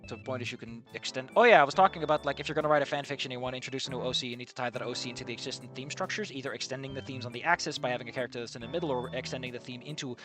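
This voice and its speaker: A man's voice: mid-range voice, very fast, few pauses, music in the background. A man reading a story aloud and commenting on it in a rambling, casual way, cursing freely and breaking off mid-thought. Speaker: fan fiction reader and commentator.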